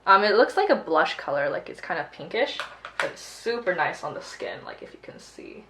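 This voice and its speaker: A woman's voice: on the low side, big pitch swings, brisk, roomy sound, noisy background. A young woman chatting casually while doing her makeup, telling a story with plenty of swearing. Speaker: beauty vlogger. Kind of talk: casual get-ready-with-me chat.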